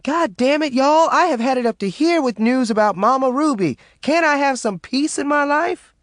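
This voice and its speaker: A man doing a high, exasperated young mother, snappish, very dry close sound. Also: sing-song, moderate pace, dry recording. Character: fed-up young Southern mother, sharp-tongued.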